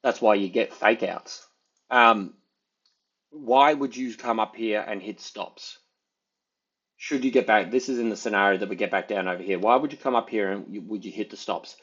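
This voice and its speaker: A man's voice: lowish voice, normal speed, fairly bright tone, breathy edge, dull audio. A man giving casual, rambling market commentary, thinking aloud with many fillers as he talks through charts. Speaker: market analyst.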